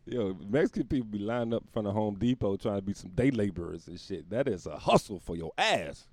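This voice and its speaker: A man's voice: on the low side, lively intonation, moderate pace, pauses often, a little mellow. A man doing a rambling, profane comedic monologue and laughing at his own jokes.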